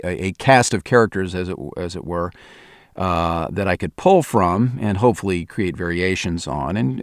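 Deep-voiced man giving halting interview answers. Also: dry recording, studio quality. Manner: hesitant, thinking aloud with many restarts. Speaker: audio drama director and voice actor.

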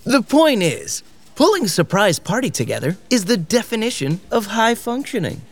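A man's voice: high-pitched, big pitch swings, moderate pace, exaggerated voice. A man playing an earnest, people-pleasing teenage boy in an audio drama. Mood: eager. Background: music.

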